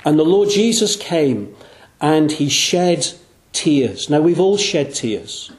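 A man with a fairly high voice preaches an evangelistic sermon in a church. He is earnest and lets his voice sink low and slow on the phrases he wants to land. The room around him rings with echo. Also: very animated. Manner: earnest, slows and drops low on key phrases. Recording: echoey room.

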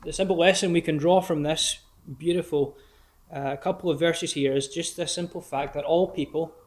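A man preaches in a gospel hall, his voice sitting a touch high for a man. He speaks earnestly and directly to the listener. He slows down to read scripture with weight. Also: fairly even intonation. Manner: earnest, direct address to the listener, slow emphatic scripture reading. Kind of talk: sermon.

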